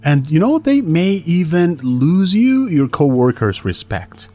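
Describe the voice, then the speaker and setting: A man's voice: a little high, measured pace, soft background music. A man hosting an English lesson podcast, talking casually and often asking "right?" while he acts out short example phrases. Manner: chatty, lively, fillers like right and you know, acts out example lines. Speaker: English teacher, podcast host. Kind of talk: casual instructional talk.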